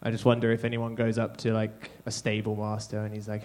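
A man's voice: on the low side, completely flat delivery, brisk, darkish tone. A man from England with an English accent doing a stand-up comedy set, talking in a punchy, self-deprecating, conversational way.

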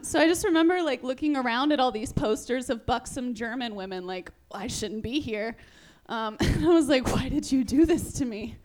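A woman in her twenties does a stand-up set in a slightly high voice. She is dry and self-mocking, and she halts on ums before she drops each joke. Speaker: stand-up comedian.

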